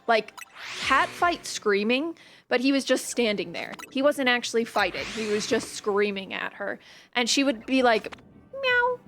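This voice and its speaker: Chatty woman with a higher voice. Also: fairly bright tone. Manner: chatty and playful, storytelling about her cat. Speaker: gaming video host. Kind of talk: casual gameplay commentary.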